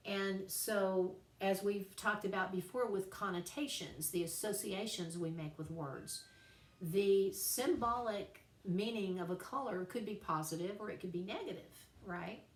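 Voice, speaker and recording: A woman writing teacher giving a recorded class lecture, chatty and playful, slowing down to spell out examples. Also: mid-range voice, echoey room, far from the mic.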